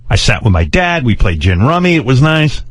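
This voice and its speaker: A man's voice: mid-range voice, sing-song, a little fast, no echo. A man hosting a radio show, telling a family story in an exasperated, profane way and laughing as he talks. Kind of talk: candid radio talk storytelling.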